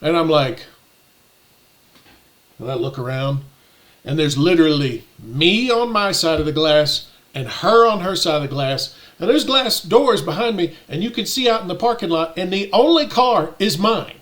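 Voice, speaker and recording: A man with a slightly high voice tells a personal story in a casual, offhand way. He grows indignant and animated as he replays arguments. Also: moderate pace. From United States. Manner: indignant, animated retelling with quoted exchanges. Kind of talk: casual anecdote telling.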